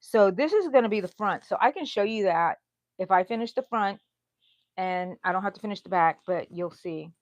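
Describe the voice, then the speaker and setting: A woman's voice: medium pitch, animated, normal speed, dry recording, dull audio. A woman, chatting in a rambling way to viewers of her crochet livestream from a bedroom at home. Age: 60s. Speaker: crochet channel host. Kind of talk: casual livestream chat.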